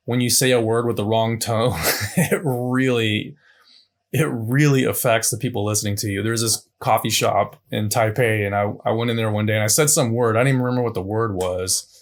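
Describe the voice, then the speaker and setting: A man gives a relaxed, unscripted talk about pronunciation practice. He speaks at a middle pitch and keeps it conversational, often restarting a sentence and adding side remarks. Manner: loose and conversational, many restarts and asides. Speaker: language teacher. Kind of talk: casual unscripted teaching talk.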